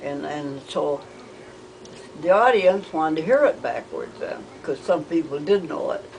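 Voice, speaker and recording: An older woman telling rambling family stories, halting with frequent restarts. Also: low-pitched, big pitch swings, darkish tone, slight background noise, poor audio. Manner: hesitant, halting, with many restarts. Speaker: interviewee.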